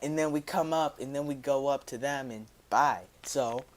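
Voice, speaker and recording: Speaking at a moderate pace, a man tells his viewers a story from his own life. He's casual and slangy, wandering a bit, and lowers his voice for quoted asides.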